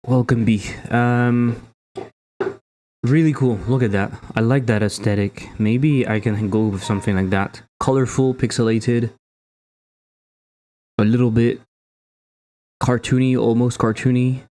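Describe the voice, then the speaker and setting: A man with a French accent streaming as a game developer, excitable and self-mocking, swearing often as he talks through his work. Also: medium pitch, unhurried, pauses often. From France. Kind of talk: casual live-stream commentary while coding.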